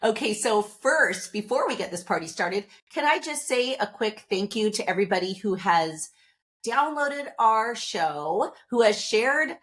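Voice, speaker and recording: A woman's voice: medium pitch, animated, a little slow, a bit bright, faint music behind. A woman hosting her own podcast, talking in an upbeat, candid, chatty way straight to her listeners. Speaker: podcast host. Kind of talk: casual solo podcast talk.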